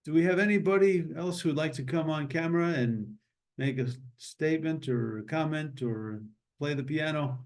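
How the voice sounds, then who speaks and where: A man hosting an online memorial meeting over a video call, talking in a relaxed, joking and meandering way. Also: a little high, normal speed. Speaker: meeting host. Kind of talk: casual memorial meeting chat.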